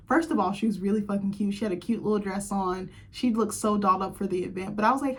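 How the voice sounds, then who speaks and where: A young woman hosting a casual chat show, gushing and chatty, filling her talk with "like". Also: medium pitch. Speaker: host.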